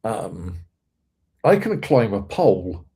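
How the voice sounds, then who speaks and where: A man's voice: on the low side, very animated, takes it slowly, gravelly, mellow, breathy edge. A man hosting a live coding stream, chatting playfully and casually. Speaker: host.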